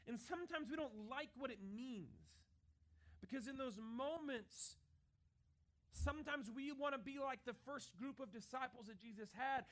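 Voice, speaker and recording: A middle-aged man with a very high voice preaches a sermon. He talks in a chatty, conversational way and keeps checking in with "right?". For his main points he drops into a hushed, intense delivery. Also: moderate pace. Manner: drops to a quiet, low, intense voice for key points. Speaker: pastor.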